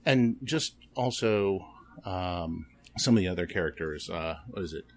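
A man talking casually on a podcast, halting and full of ums and restarts. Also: low voice, animated. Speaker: podcast guest.

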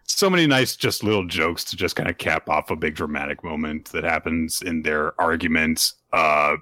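A man co-hosting a podcast and recapping comics in a loose, chatty way, full of restarts. His voice is bright and forceful. It is recorded close and dry. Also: rumbling low, moderate pace, no echo. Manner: chatty, frequent restarts and laughs. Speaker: podcast co-host. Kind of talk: casual chat recapping manga chapters.

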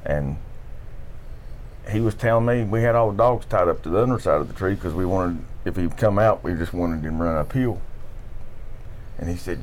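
Man, low voice, casual storytelling, faint background hiss. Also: moderate pace, pauses often. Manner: animated storyteller, laughs often, drawling. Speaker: podcast guest. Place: camp room, at night.

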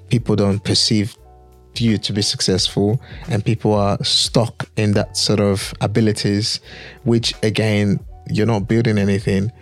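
A man hosting a podcast, speaking reflectively and affirming his guest, often with "you know". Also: lowish voice. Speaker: podcast host. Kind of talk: casual podcast chat.

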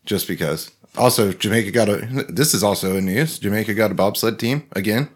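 A man's voice: on the low side, brisk, slightly rough. A man rambling in casual chat among friends, swearing offhandedly.

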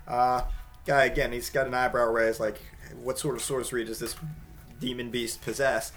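A man giving casual comedic commentary on a picture book, wry and rambling, halting often with fillers. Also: mid-range voice, little pitch movement, fairly bright tone, faint music behind.

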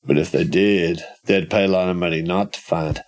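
A man voicing a gruff brawler investigator who talks in a knowing, slightly menacing drawl. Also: low voice, steady tone, normal speed, lightly acted. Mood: wry.

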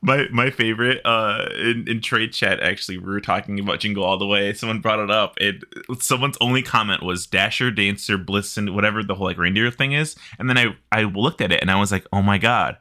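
Podcast co-host, male, very bright tone, jokey and quick with asides. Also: lowish voice. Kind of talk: casual chat.

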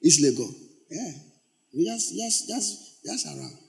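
A male pastor preaching a sermon. He repeats words for emphasis and swings from loud exclamations to low, quiet storytelling. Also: big pitch swings, unhurried.

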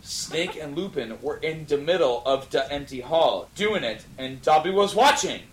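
Man reading aloud with lively mock drama. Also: a little high, normal speed, echoey room, rough recording. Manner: reads aloud with mock drama, breaking into laughter. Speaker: podcast host. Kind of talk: comic dramatic reading of bad fan fiction. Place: dining room.

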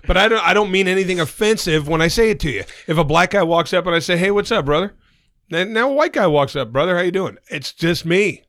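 A man's voice: high-pitched, lively intonation, a bit bright, no echo, studio quality. An older man co-hosting a podcast, talking bluntly and crudely in casual chat. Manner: blunt, profane, drawn-out emphasis. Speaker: podcast co-host.

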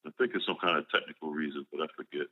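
A man with a very deep, low voice talks through a casual interview, thinking aloud and drifting into quiet, half-finished recollections. The recording is muffled and lo-fi. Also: racing. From Philadelphia. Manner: reflective, trails off and restarts, drops to quiet musing. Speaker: guest actor. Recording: dull lo-fi sound.

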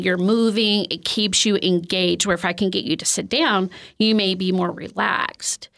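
A woman of middling pitch explains calming techniques in an easygoing training talk. She rambles a little, leans on "you know" and "um", and acts out soothing example lines as she goes. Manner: conversational, many fillers like "you know" and "um"; acts out example phrases in a gentle coaching tone. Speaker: trainer on de-escalation. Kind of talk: informal recorded training talk.

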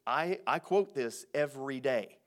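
A male pastor delivering a sermon, speaking emphatically and swinging from quiet asides to loud, stressed phrases. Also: medium pitch, animated, unhurried.

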